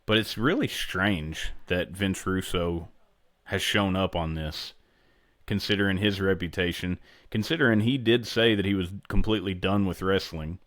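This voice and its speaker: Guy with a really low voice, casual wrestling podcast talk, dry close sound. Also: moderate pace, fairly bright tone, dry recording. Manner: rambling, self-interrupting. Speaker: podcast co-host.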